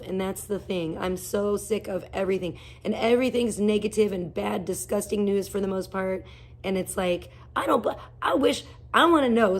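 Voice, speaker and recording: A woman streaming live, her voice husky with a breathy edge. She rants bluntly and profanely, rambling from one grievance to the next. Now and then she breaks off to greet viewers in chat. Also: mid-range voice. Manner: greets chat viewers by name mid-rant. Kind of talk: casual ranting livestream chat.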